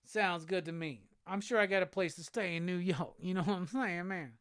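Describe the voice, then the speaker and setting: Reading out viewer comments on his live stream, a Southern American man keeps things easygoing, profane and full of laughter. His high voice runs fairly quick and a touch bright. The sound is clean studio audio with no room sound.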